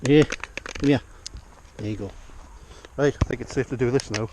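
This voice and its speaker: Young Northumbrian man, mellow low-key voice, casual rambling vlog chat, outdoors on a walk, faint background noise. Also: moderate pace. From North East England. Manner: chatty, thinks aloud, talks to his dog as he goes. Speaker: vlogger.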